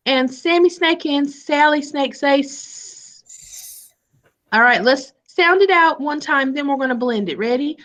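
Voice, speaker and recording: Slow sing-song woman teaching phonics. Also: high-pitched, expressive, fairly bright tone, poor audio. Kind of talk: live online phonics lesson for young children. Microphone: video call.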